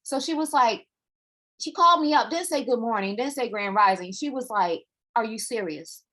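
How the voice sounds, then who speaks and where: A woman hosting a live morning chat show, telling a personal story in a chatty, animated way and acting out what others said. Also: on the high side, moderate pace. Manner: chatty, animated, acts out quoted voices. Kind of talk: casual live-stream storytelling.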